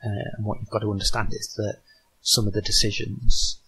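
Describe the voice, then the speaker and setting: A man guest on a podcast, talking casually about designing a board game, halting with many ums and restarts. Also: on the low side, level tone, vocal fry, pushed and bright, a little hiss or hum, poor audio.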